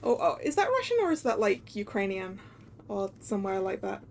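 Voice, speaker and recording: A woman's voice: medium pitch, sing-song, brisk, creaky, darkish tone, slight background noise. A woman streamer chatting casually over a video game, self-deprecating and laughing easily.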